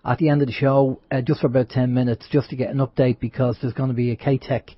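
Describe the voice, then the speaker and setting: A man hosting an internet radio show, announcing upcoming guests in a brisk, casual way. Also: mid-range voice, flat delivery, slightly rough, no echo. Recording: dull lo-fi internet radio audio.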